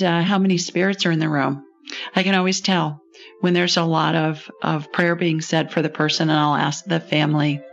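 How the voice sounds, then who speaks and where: A woman hosting a call-in radio show, talking in a calm, chatty, reassuring way. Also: fairly low pitch. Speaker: radio show host, psychic. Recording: dull lo-fi broadcast sound.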